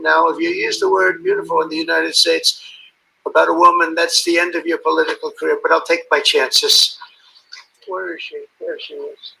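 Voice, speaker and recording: A man speaking as head of state gives an off-the-cuff ceremonial speech, rambling and ad-libbing as he calls out guests by name and heaps boastful, superlative praise on the leaders he names. His voice is on the high side, creaky, bright and forceful, and the audio is poor.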